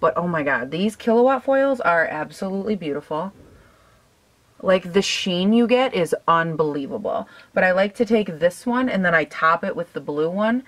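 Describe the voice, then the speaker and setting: Her voice lowish and her intonation lively, this young beauty vlogger in her twenties speaks at a normal speed as she does her makeup. She's chatty and giggly, laughs a lot, and leans heavily on "like" and "um."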